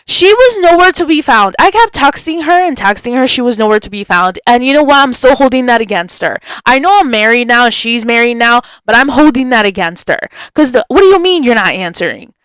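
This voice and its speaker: A woman's voice: a little high, brisk, hardly any pauses, smooth, no room sound. Chatty young woman telling stories. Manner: animated, chatty, acts out quotes. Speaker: podcast host. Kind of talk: casual storytelling.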